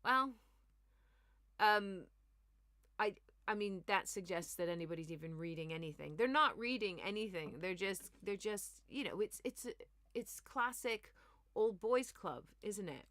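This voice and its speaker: A woman's voice: on the low side, normal speed, no echo. A woman hosting a comedy news show, ranting and joking about politics while answering viewers' comments and slipping into mocking impressions. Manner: animated, mocking, slips into mimicking voices. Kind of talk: comic news commentary with chat replies.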